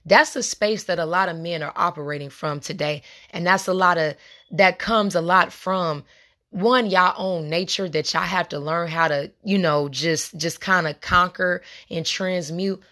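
A woman's voice: lowish voice, measured pace, bright, forceful tone. Impassioned woman talking to her listeners. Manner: impassioned, conversational, addresses listeners as y'all. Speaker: podcast host. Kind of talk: casual monologue.

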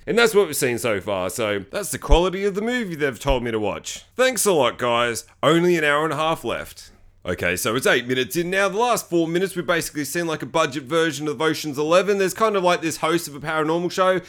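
A man's voice: on the high side, fairly bright tone. Sweary, jokey male podcast host. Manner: sweary, jokey, acts out characters in goofy voices. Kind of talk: casual movie-review monologue.

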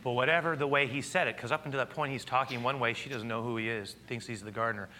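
Over slight background noise, a male pastor with a medium-pitched voice preaches quickly. His storytelling is animated, occasionally sinking to hushed, intimate tones.

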